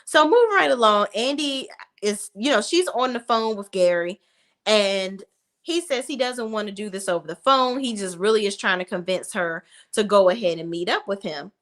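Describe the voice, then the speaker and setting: A woman's voice: mid-range voice, moderate pace, a bit bright. A young woman giving a blunt, casual recap of a TV episode, swearing freely as she comments. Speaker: TV recap reviewer.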